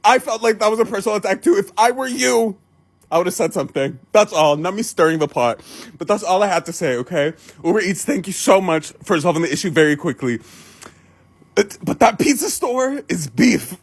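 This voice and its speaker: A young woman vlogger telling a story in an animated, dramatic way, often laughing. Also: medium pitch, fairly quick, breathy edge. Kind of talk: storytime chat.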